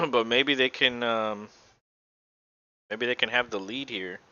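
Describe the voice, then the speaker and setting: A man's voice: medium pitch, sing-song, takes it slowly, sharp tone, dry recording, dull audio. A man casually calling live basketball play-by-play for a podcast, rambling and swearing with lots of fillers. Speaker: podcast co-host.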